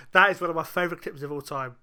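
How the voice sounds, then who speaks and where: Fast, bright-voiced Welsh man. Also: a little high, clean tone. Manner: swearing, laughing banter. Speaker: podcast host. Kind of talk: casual podcast chat.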